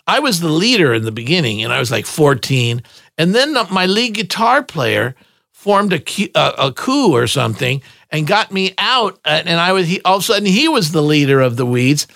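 An older man tells rambling stories, laughing often and acting out what people said. His voice is bright and gravelly, with a lively, swooping pitch. The studio sound is close and dry. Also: dry recording. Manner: rambling storyteller, laughs often, acts out quotes. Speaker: guest musician. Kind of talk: casual interview chat.

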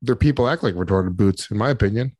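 A man's voice: lowish voice, fast, a little mellow, no echo. Brief: male podcast co-host, brash and profane, close dry mic. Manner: profane, boisterous, swears constantly. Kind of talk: crude casual banter. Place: podcast studio.

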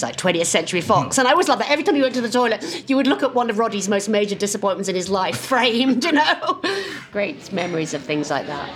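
An older woman from England, telling lively anecdotes and acting out voices over lunch in a restaurant. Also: on the low side, brisk, slight background noise. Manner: lively storyteller who acts out voices. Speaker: guest. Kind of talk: casual chat.

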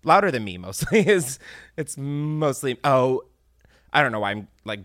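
A man's voice: mid-range voice, very animated, a little slow, fairly bright tone, dry recording, studio quality. Rambling, laughing male podcast host. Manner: rambling, laughing, swearing freely. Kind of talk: casual chat.

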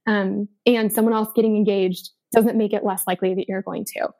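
A woman's voice: mid-range voice, level tone, fairly quick, dark tone. A woman from Denver, an author and podcast guest, telling her story in a chatty way full of "um" and "like". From Denver, USA. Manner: chatty, many fillers like "um" and "like". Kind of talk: casual storytelling chat.

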